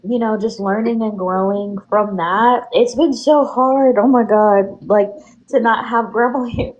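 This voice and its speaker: A woman's voice: a little high, steady tone, unhurried, darkish tone, muffled recording. Earnest woman guest, many fillers. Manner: earnest, many fillers, shares personal stories. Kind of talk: casual emotional chat.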